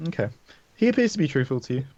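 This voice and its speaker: A man's voice: medium pitch, sing-song, racing, darkish tone, highs cut off. A man narrating as dungeon master, casual, with many fillers and restarts. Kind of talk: narrating a tabletop game.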